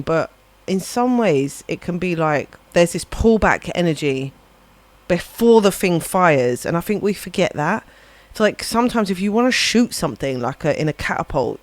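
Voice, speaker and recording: Rambling woman musician on stream. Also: fairly low pitch. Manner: rambling, reflective, swears casually. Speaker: livestreaming musician. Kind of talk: casual chat on a live stream.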